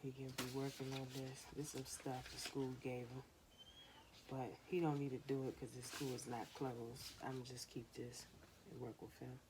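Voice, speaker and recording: Very low-voiced woman giving parenting advice. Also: flat delivery, normal speed, background noise. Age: 20s. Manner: earnest, repetitive, coaching other parents. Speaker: parenting vlogger. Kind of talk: casual how-to talk to camera.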